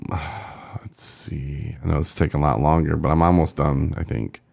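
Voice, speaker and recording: A man's voice: a bass voice, little pitch movement, moderate pace, vocal fry, darkish tone, dry recording. A man co-hosting a podcast in casual, rambling chat, joking and trailing off as he goes through a list. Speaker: podcast co-host.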